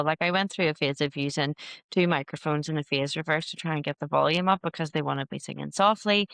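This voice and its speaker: Lively woman, low dry voice. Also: clean tone, no echo. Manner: lively, animated storytelling with acted-out exclamations. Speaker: podcast guest, singer. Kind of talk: casual conversation.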